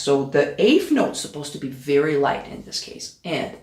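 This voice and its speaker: Piano teacher lady counting out loud, echoey room, piano going loud behind her. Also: low voice, sing-song, normal speed, few pauses. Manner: counts beats aloud and checks in with "okay?". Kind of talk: play-along piano tutorial. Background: piano playing.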